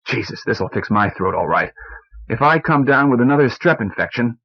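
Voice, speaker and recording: A man's voice: mid-range voice, expressive, moderate pace, gravelly. A man voicing a sickly, petulant husband who whines and complains, on a muffled old cassette recording. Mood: whiny. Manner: whiny and complaining.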